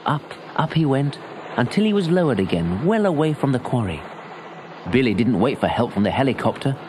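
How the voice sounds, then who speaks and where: A man narrating a children's story in an expressive, animated storytelling manner. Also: mid-range voice, fairly quick, a little hiss or hum. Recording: story tape with music.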